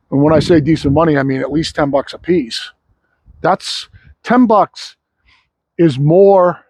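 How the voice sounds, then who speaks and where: A man's voice: a little high, a little mellow, breathy edge, poor audio. Blunt, rambling sawmill man. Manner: blunt, rambling, swears casually. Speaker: sawmill owner. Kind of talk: casual vlog talk. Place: outdoor log yard.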